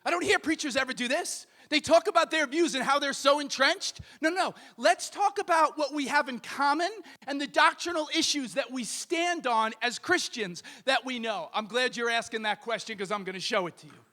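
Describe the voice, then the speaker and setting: A man preaching a sermon as pastor of a church, emphatic and building to shouted peaks. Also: extremely high pitch, moderate pace, hardly any pauses. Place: church sanctuary.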